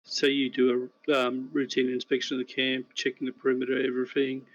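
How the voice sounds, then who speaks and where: A man narrating as game master of a tabletop game, describing scenes in a measured way. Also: mid-range voice, monotone, muffled recording, a little hiss or hum.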